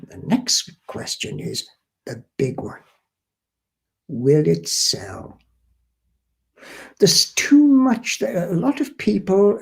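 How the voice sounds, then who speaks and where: A man's voice: high voice, creaky, a little mellow, husky. An older man giving down-to-earth business advice in a chatty instructional talk, often repeating his words. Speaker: import-export trade advisor.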